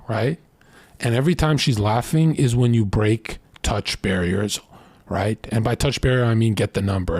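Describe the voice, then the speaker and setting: A man's voice: medium pitch, a little mellow, breathy edge, no room sound. A man streaming casual commentary, brash, crude and boastful as he reacts to a thread and lectures his viewers. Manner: lectures with quick put-on voices in his stories.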